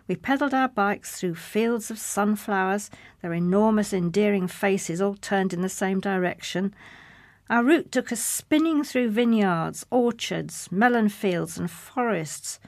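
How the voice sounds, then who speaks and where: A woman's voice: medium pitch, gravelly, no echo. Woman reading her funny travel piece, dry wry delivery, close dry mic. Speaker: essay reader. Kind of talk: reading a humorous personal essay aloud.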